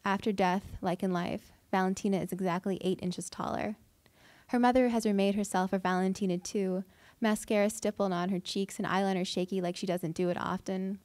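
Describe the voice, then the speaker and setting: A woman, a fiction writer, reading her own prose aloud at an event with measured, deliberate delivery. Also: medium pitch, flat delivery, darkish tone, no echo. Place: event hall.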